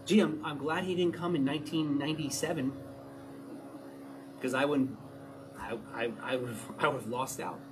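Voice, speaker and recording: A man preaching a sermon in an animated way, often asking his listeners questions. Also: medium pitch, normal speed, pauses often, background noise. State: out of breath.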